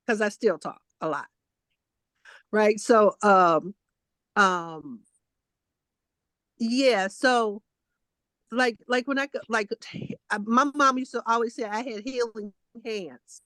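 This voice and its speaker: A woman co-hosting a casual chat, telling childhood stories in a talkative way with animated quotes. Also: on the high side, slow, long pauses, no echo. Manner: chatty storytelling, animated quoting. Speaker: co-host.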